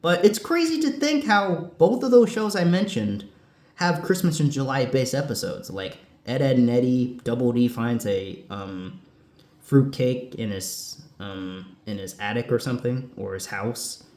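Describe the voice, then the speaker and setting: A man's voice: mid-range voice, unhurried, darkish tone. Young male host answering viewer questions, meandering and unsure, recorded in a reverberant room. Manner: rambling, hesitant, lots of ums and restarts. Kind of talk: casual Q&A chat. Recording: echoey room.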